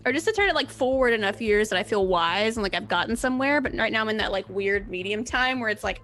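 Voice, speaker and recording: A woman's voice: medium pitch, expressive, fast talker, hardly any pauses, fairly bright tone, faint music behind. A woman in her thirties, a streamer, chatting in a bubbly way about her stream and her game characters. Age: 30s. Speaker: streamer and player. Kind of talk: casual chat.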